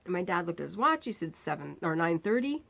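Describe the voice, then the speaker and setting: A woman's voice: on the low side, fast talker, creaky. Woman animatedly retelling a hospital ordeal. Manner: animated retelling, acting out quoted lines. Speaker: vlogger. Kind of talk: personal storytelling vlog.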